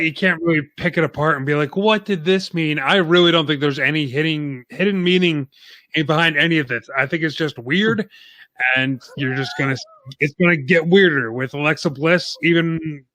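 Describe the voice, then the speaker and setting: A man's voice: fairly high pitch, normal speed, pushed and bright, dry recording. A man co-hosting a casual wrestling podcast, voicing blunt, dismissive opinions. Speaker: podcast co-host.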